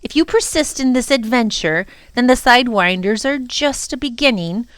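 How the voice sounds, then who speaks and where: A woman reading a storybook aloud, voicing a sly male villain who threatens in a slow, measured, ominous way. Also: mid-range voice, sing-song, a bit bright, clean tone, no room sound, full character voice. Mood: menacing.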